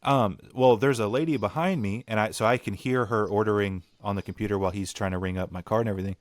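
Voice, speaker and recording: A man's voice: fairly low pitch, fast, no room sound, clean studio sound. A young man hosting a casual podcast chat, ranting bluntly and swearing. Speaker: podcast host.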